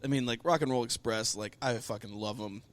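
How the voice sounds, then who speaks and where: A middle-aged man co-hosting a podcast, recapping wrestling in casual, profane, animated chat. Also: mid-range voice, a little fast. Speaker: podcast co-host.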